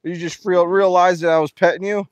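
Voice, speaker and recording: A man vlogging outdoors while feeding his farm animals, excitable and out of breath, laughing and talking to the animals as he goes. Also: sits high, a little fast, dry recording.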